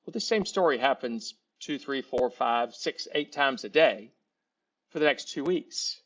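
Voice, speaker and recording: A man's voice: medium pitch, expressive, a little slow, fairly bright tone. Folksy male sales trainer telling a story. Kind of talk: storytelling lesson.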